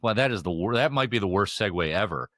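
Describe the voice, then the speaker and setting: A man's voice: on the low side, expressive, fast, a bit bright, dry recording, studio quality. A man hosting a casual podcast chat, rambling with many fillers and restarts. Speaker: podcast host.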